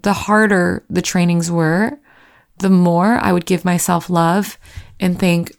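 A woman in her thirties talks openly about her own struggles, with a frank, self-mocking delivery. Her voice sits on the low side and has a gravelly, creaky texture. Now and then she slips into acting out her own thoughts. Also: fairly even intonation, slow. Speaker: vlogger. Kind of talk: personal storytelling to camera.

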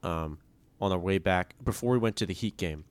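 A man's voice: sits low, moderate pace, clean tone, no room sound. A young man co-hosting a casual podcast, rambling and cutting himself off as he tells a story with a joking edge. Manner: rambling, self-interrupting, jokey. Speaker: podcast co-host. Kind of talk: casual chat.

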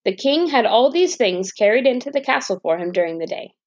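A woman's voice: fairly high pitch, very animated, fairly quick, no room sound. Woman reading a bedtime story. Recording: dull dry lo-fi recording.

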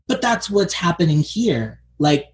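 A man's voice: on the high side, big pitch swings, measured pace. Chatty male podcast co-host. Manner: chatty, lots of "like" fillers. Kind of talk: casual chat about a TV series.

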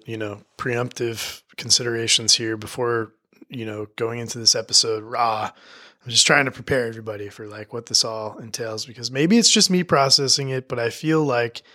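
Middle-aged guy hosting a podcast, bright edgy voice, rambly, cusses a lot. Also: mid-range voice, moderate pace. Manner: rambling, heavy swearing, fillers. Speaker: podcast host. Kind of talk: emotional spoken intro monologue.

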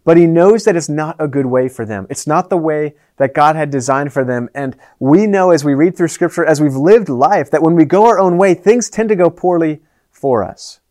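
A man's voice: fairly high pitch, moderate pace. Earnest man preaching a sermon. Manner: earnest, swings between raised and hushed delivery. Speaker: pastor.

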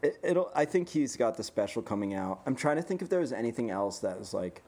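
Guy on a podcast telling a story, keeps cracking up, swears a lot, mid-pitched voice. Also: fairly quick. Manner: animated storytelling, laughs often, swears freely. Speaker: podcast co-host. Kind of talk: casual chat.

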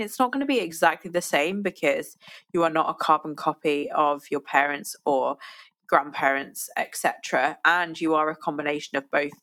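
A woman's voice: sits low, a bit bright. A young woman hosting a podcast as a recovery coach, talking casually with fillers, her voice nasal from a cold. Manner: chatty, self-deprecating, with fillers and restarts. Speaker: eating disorder recovery coach and podcast host.

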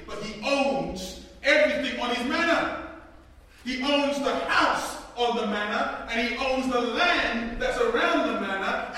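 A man preaching a sermon, moving between chatty storytelling and slow, emphatic declarations. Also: very high voice, fairly bright tone. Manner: conversational storytelling, then emphatic slow proclaiming. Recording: very echoey hall, from far off.

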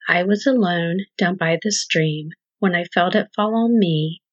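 A woman's voice: fairly low pitch, measured pace, no echo. A woman voicing a frightened little hen chick who talks urgently and anxiously. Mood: alarmed. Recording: dull lo-fi dry recording.

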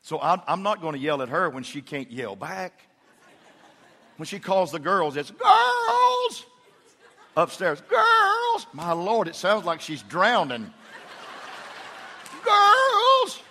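A middle-aged man delivers a sermon in a church, weaving folksy stories into his preaching. His voice sits a little high and has a bright, forceful edge. A long reverb from the hall trails behind every phrase. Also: lively intonation, normal speed. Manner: folksy storytelling with acted-out quotes. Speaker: pastor.

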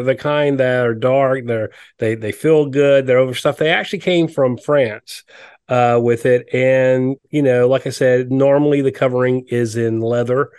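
A man on a podcast, taking his time and filling gaps with "uh" and "you know". His voice is smooth and resonant. The sound is close and dry. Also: mid-range voice, darkish tone, no room sound. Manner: slow, searching, many fillers. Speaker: podcast co-host. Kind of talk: casual chat.

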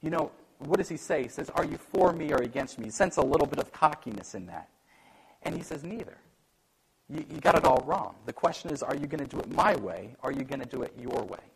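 A man preaching a sermon in an animated way, acting out the voices he quotes and joking about himself. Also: mid-range voice, fast talker, gravelly, husky, rough recording. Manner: animated, acts out quoted voices, self-deprecating humor. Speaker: pastor.

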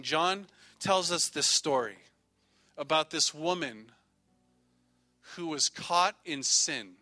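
A man's voice: on the high side, pushed and bright, no echo. A man preaching a sermon as pastor, speaking in repetitive, rhythmic phrases.

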